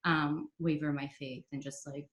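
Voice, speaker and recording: A woman's voice: low-pitched, flat delivery, moderate pace, fairly bright tone, highs cut off. Chatty young woman in an echoey room. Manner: chatty, many fillers like "like" and "you know", quotes others in dialogue. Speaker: podcast guest. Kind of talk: casual storytelling interview. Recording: roomy echo.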